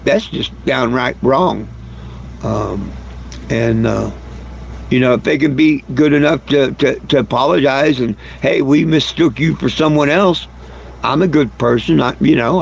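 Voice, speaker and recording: Standing outdoors by his bus, a man vlogs on a camera he holds himself, talking in a casual, hesitant, drawn-out way full of fillers and repeated words. His medium-pitched voice is creaky, and the audio sounds dull with a slight hiss or hum.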